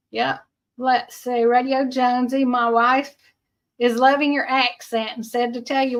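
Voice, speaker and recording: A woman's voice: on the high side, steady tone, slow pace, gravelly, pauses often, a bit bright. A middle-aged woman with a Georgia Southern accent, hosting a casual livestream, chatty and laughing often while reading viewer comments. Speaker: livestream host.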